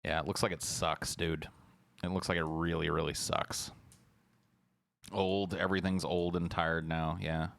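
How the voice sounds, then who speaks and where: A man's voice: little pitch movement, unhurried, vocal fry, fairly bright tone, no room sound. A man hosting a casual livestream, reacting to a trailer with sarcastic, mocking, profane commentary. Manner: mimics lines in exaggerated high voices.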